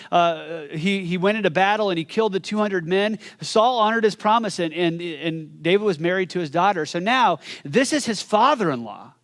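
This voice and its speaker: A man preaching a sermon as pastor, retelling a story with animated energy, restarting phrases and dropping low and quiet for solemn moments.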